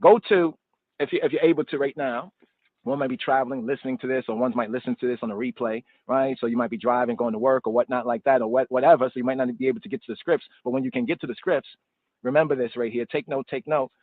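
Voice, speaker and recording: A man's voice: medium pitch, steady tone, fast talker, dry recording. A man from the United States teaching scripture on a live stream, looping and repeating himself and mixing street slang into the lesson. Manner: loose and digressive, repeating words and phrases; informal street slang mixed with scripture talk. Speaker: Bible study teacher. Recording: dry, tinny phone-like line.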